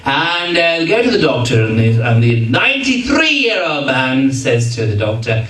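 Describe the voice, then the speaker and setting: A man's voice: medium pitch, very animated, moderate pace, a bit bright. A man doing comic stage patter, teasing and chatting with his audience in a hall. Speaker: entertainer. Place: function hall with a live audience. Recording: roomy hall recording from a distance with crowd.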